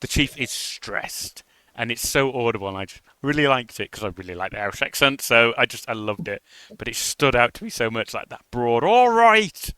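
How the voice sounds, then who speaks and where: A man co-hosting a podcast, reviewing an episode in an animated way and acting out the lines he quotes. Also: mid-range voice, fairly quick, clean tone, no room sound. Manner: animated, laughs, acts out quotes. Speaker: podcast co-host. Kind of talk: casual chat reviewing an episode.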